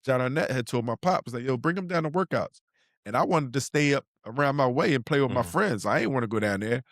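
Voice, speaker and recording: Co-hosting a casual podcast, a middle-aged man tells slangy stories in a laid-back way, acting out the quotes. His mid-range voice is animated, fast and a bit bright, captured in a dry, studio-quality recording.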